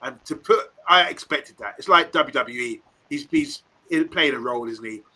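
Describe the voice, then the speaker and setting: A man, co-hosting a casual live stream, animated and laughing, with lots of tag questions. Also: medium pitch, normal speed, rough recording. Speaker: co-host.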